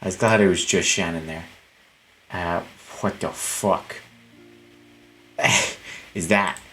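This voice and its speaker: A man's voice: low-pitched, fairly even intonation, takes it slowly, sharp tone, faint music behind. A man streaming a video game, chatting in a profane, jokey, rambling way. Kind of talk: casual let's play commentary.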